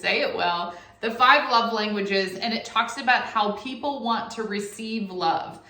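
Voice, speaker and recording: A middle-aged woman talks to camera in a chatty, expressive way, slipping into little acted-out quotes as she goes. Her voice sits at an ordinary pitch. The sound bounces around an echoey room. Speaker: YouTube host. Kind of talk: casual to-camera talk.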